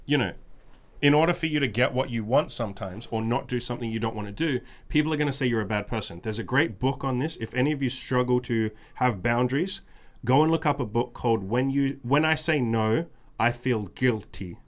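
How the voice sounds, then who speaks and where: A male podcast host talking in a loose, casual way. His voice sits at an ordinary middle pitch. He is blunt and swears freely, driving his points home with lists and repetition. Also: fairly quick. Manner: mimics whiny demands in a raised voice.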